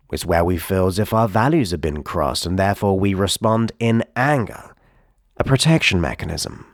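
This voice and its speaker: A man with a low voice gives an emphatic motivational talk, pushing his points with rhetorical questions. The sound is dry and close, with no room around it. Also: no room sound. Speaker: hypnotherapist and self-help speaker.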